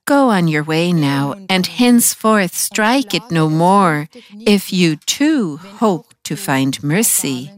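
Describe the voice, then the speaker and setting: A woman reading aloud as a gentle, sorrowful male teacher who rebukes cruelty to animals. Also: fairly low pitch, animated. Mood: solemn. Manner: solemn, reproachful, measured.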